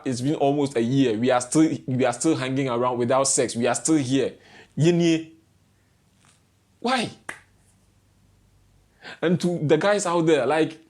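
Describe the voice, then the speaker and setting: A man's voice: mid-range voice, darkish tone. A young man vlogging, ranting in casual commentary with exasperated, repeated rhetorical questions.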